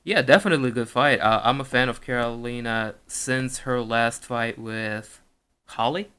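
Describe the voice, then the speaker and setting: A man co-hosts a casual sports podcast in a measured, easygoing manner. His voice sits at an ordinary middle pitch. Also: fairly even intonation, bright, forceful tone, clean tone. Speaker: podcast co-host. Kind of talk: casual chat.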